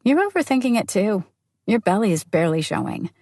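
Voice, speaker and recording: A woman's voice: mid-range voice, sing-song, brisk, a little mellow, no room sound, voice pushed up. A woman voicing a brash, sarcastic young best friend who talks bluntly and swears, in an audiobook. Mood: brash, teasing.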